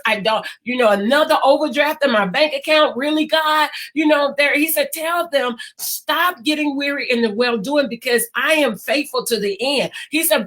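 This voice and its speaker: A woman prophetess delivering an impassioned prophetic sermon online, repeating scripture slowly and emphatically, sometimes shouting. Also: high voice. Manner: impassioned, repetitive preaching with slow emphatic quotes and some shouting.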